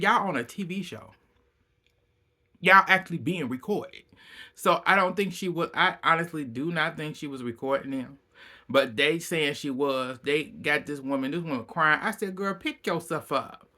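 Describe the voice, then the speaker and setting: A man recaps a reality show episode in loose, casual talk. His voice sits a bit high and rings bright and sharp. He is animated and blunt, swears freely and laughs often.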